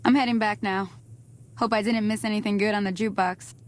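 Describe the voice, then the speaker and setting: A woman's voice: medium pitch, steady tone, fairly quick, natural voice. An actress playing a friendly frontier woman in a video game, who talks in an easygoing, folksy, encouraging way.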